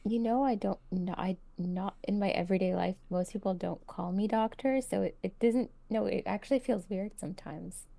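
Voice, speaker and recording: A woman guest chatting casually, relaxed and a little modest. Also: medium pitch, moderate pace, vocal fry, few pauses. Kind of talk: casual chat.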